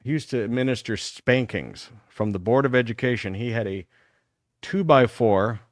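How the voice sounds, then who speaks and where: A man's voice: medium pitch, moderate pace, no echo, studio quality. A man in his fifties from Texas, hosting a live talk show and animatedly telling school stories to a caller. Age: 50s. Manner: animated, reminiscing storyteller.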